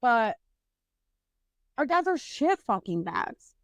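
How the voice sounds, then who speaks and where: A young woman with a fairly high voice tells a story on a podcast. She swears freely and is animated. The sound is close and dry. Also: takes it slowly, gravelly, no room sound. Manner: profane, animated storytelling with acted-out quotes. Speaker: podcast co-host. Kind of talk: casual storytelling chat.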